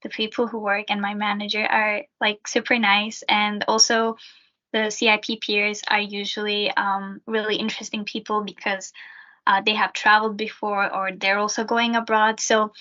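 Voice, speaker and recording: A young woman working as a student peer helper answers interview questions chattily, using lots of fillers. Her medium-pitched voice has a level, sharp tone at normal speed, and the lo-fi recording sounds dull.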